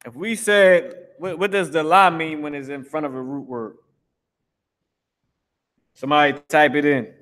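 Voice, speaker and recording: Man, live online teacher, casual, a bit high voice, repeats himself. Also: steady tone, measured pace, long pauses, a bit bright. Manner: casual, repeats himself, curses when the stream drops. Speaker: language teacher. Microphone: streaming to Facebook and YouTube.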